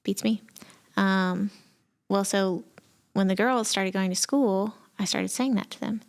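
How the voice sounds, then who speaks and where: A woman's voice: mid-range voice, steady tone, a little slow. A woman from Texas, a pastor co-hosting a podcast, talking casually and reflectively with many fillers. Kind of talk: casual conversation.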